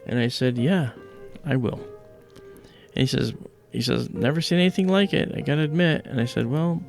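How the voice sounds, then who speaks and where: Gravelly low-voiced man telling a story. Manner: storytelling, acts out quoted voices, many fillers. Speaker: livestream host. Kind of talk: casual livestream chat.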